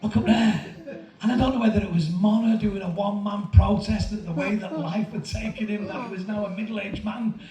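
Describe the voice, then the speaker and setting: A man, telling a profane, animated stand-up story to a laughing audience. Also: high voice, fairly quick, few pauses. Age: 50s. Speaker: stand-up comedian. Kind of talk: stand-up routine. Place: large comedy venue with audience laughter. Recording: echoey venue recorded from far off with crowd.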